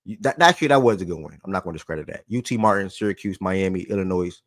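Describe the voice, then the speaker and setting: A man's voice: deep voice, rapid-fire, no echo. A man hosting a sports talk show in a loose, slangy way, repeating phrases for emphasis and getting worked up.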